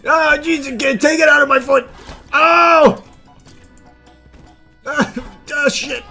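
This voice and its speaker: High-pitched yelling gamer guy. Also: extremely slow, creaky, pauses often, soft background music. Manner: yelling and laughing in bursts, swearing, deadpan asides. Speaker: gaming streamer. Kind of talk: live gameplay commentary.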